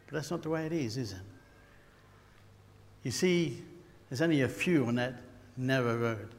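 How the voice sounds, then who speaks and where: An Australian man preaching a sermon, telling stories and rising to loud bursts. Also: mid-range voice, normal speed, pauses often. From Queensland, Australia. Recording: long hall reverb.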